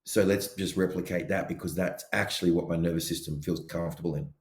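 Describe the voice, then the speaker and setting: A man co-hosting a podcast in casual chat, animated as he acts out his inner voices. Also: sits low, fast, echoey room. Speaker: podcast co-host.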